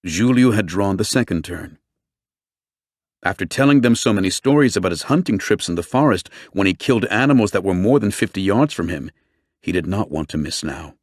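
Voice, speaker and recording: A man narrating a true-crime book in a steady, measured storytelling voice. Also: deep voice, dry recording, studio quality. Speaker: audiobook narrator. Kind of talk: scripted narration.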